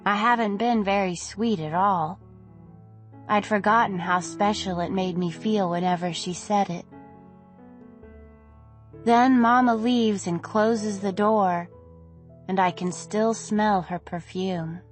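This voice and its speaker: Woman, first-person audiobook narration, gentle and slow, faint music bed. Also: medium pitch.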